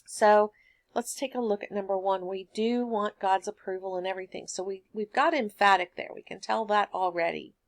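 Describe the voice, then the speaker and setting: A woman teacher giving a recorded grammar lesson, explaining answers in a patient, steady way. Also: mid-range voice, moderate pace.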